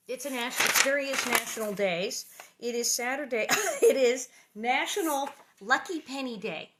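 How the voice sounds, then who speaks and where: A woman's voice: a little high, moderate pace, fairly bright tone, slight background noise. Bubbly, chatty woman livestreaming from home. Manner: chatty, bubbly, rambling asides. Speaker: livestream host reading aloud. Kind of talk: casual livestream chat. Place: living room at home.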